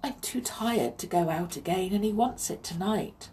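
A woman voicing a sad, tired old lady in a storybook reading, speaking gently and pleadingly. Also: medium pitch, moderate pace, slight background noise, close to an everyday voice. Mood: weary, pleading.

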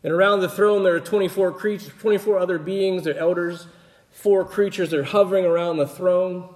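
A man giving a relaxed, conversational Bible teaching, explaining as he goes and often checking in with his listeners with a quick "right?". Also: sits high. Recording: roomy echoey room.

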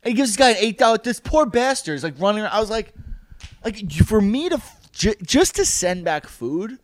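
A man telling a story in casual chat, animated and profane, with lots of "like". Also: sits high, fairly quick.

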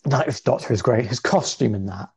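A man's voice: medium pitch, fast, darkish tone, husky. A man co-hosting a casual podcast chat, talking chattily and laughing often. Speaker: podcast co-host. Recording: dull lo-fi audio.

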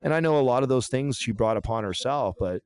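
A man's voice: medium pitch, lively intonation, quick pace, a little mellow, smooth. A podcast co-host in his thirties talking candidly in a blunt, profane, emphatic way.

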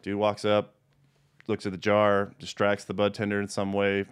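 A man hosting a casual podcast, telling stories about his cannabis dispensary in a profane, animated way. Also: fairly low pitch, moderate pace, clear, resonant tone. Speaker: podcast host and dispensary owner.

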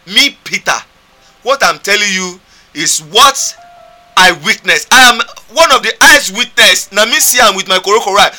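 Nigerian male pastor, emphatic repetitive sermon delivery, sharp bright tone. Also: sits high, animated, moderate pace, soft background music. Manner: fervent, emphatic, repetitive preaching. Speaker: preacher.

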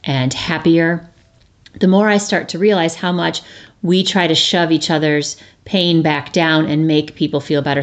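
A woman in her thirties hosting a reflective solo talk, earnest and conversational, often restarting and tossing in a rhetorical "right?". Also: low voice. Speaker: podcast host.

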